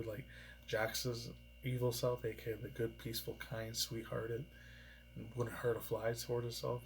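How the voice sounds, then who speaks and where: A man's voice: medium pitch, slight background noise. A man vlogging in casual, rambling commentary, swearing freely and often laughing. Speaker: reaction and news vlogger.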